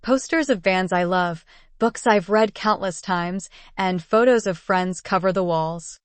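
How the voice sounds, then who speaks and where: A woman giving a steady, measured first-person narration of a story as an audiobook narrator. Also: lowish voice, dry recording.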